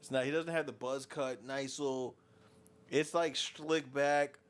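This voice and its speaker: A man's voice: medium pitch, fairly even intonation, unhurried, smooth. A man co-hosting a casual sports podcast, joking and profane, acting out little bits. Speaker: podcast co-host.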